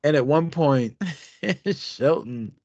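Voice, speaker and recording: A man's voice: on the high side, slow, creaky, no room sound, lo-fi sound. A man in his thirties, co-host of a podcast, telling a story casually with lots of laughter and swearing. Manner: profane, laughing, animated storytelling.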